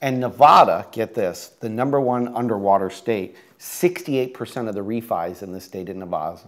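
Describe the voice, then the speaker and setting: A man's voice: lowish voice, normal speed. A man hosting a local real estate and mortgage TV show, trading playful scripted jokes with his co-host. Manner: joking, playful delivery of gag answers. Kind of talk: scripted TV banter.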